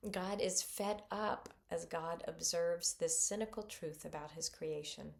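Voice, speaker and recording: A middle-aged woman giving a spoken scripture reflection, expressive and earnest, acting out quoted voices with sudden lifts. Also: fairly low pitch, unhurried, vocal fry.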